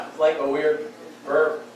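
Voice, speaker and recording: A young man from Saskatchewan doing a wry, casual stand-up set on a club stage, acting out quick quotes. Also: high-pitched, very noisy. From Saskatchewan, Canada. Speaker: stand-up comedian. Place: comedy club stage in a beer hall. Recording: very echoey club room, mic distant. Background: audience laughing.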